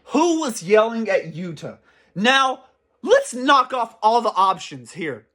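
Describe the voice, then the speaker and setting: A young man giving casual, excitable commentary as a channel host, rambling and swearing freely. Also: very high voice, slow.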